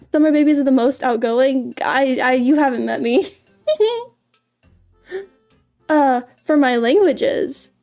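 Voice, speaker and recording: A woman with a high, mellow voice chats with her stream viewers in an easy, unhurried way. She is bubbly and giggly, and often trips over and repeats her words. Soft music plays faintly behind her. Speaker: VTuber streamer. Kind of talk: casual livestream chat.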